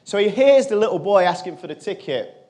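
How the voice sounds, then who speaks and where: A man giving a motivational keynote, telling a personal story to a live audience and turning quiet in the emotional moments. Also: high-pitched, lively intonation, brisk. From England. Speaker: motivational speaker. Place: conference stage.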